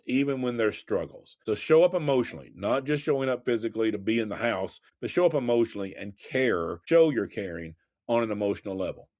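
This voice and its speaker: A man's voice: mid-range voice, a little mellow. Male counselor, mid-range voice, direct advice talk, drives points home with repetition. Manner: emphatic, repetitive, checks in with "okay?". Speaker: relationship counselor.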